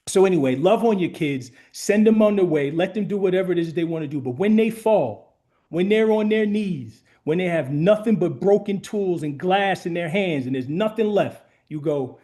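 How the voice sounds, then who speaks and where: A man's voice: a little high, moderate pace, a little mellow. A man in his forties, a guest speaker giving a heartfelt motivational talk with earnest, emphatic repetition. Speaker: guest speaker, former runner.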